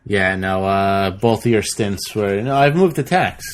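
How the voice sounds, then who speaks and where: A man's voice: fairly low pitch, expressive, a little slow, a little hiss or hum. A man hosting a podcast, laid-back and casually plugging the show. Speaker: podcast host. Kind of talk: casual chat.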